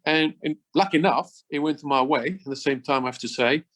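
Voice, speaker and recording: Enthusiastic man, slightly high voice. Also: fairly quick, fairly bright tone. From Switzerland. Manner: enthusiastic, repeats words, non-native phrasing. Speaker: former footballer guest. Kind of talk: casual interview chat.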